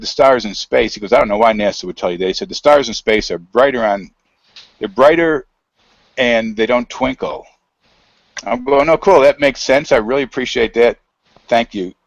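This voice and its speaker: A man's voice: medium pitch, no echo, highs cut off. A middle-aged man as an interview guest, telling a long anecdote over a video call in a casual, rambling way, with many fillers and quoted dialogue.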